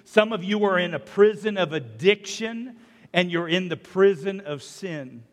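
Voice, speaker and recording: American pastor guy preaching, high voice, long church echo, goes quiet then loud. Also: lively intonation, a little slow. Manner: storytelling with many restarts, swings from hushed to loud. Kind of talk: sermon. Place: church sanctuary.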